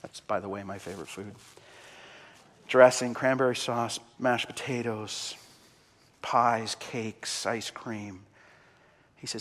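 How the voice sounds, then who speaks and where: A man preaching a sermon and telling a story, impassioned, swinging between loud outbursts and quiet, slow passages. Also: fairly low pitch, fairly even intonation. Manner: impassioned, big swings in loudness. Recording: long hall reverb.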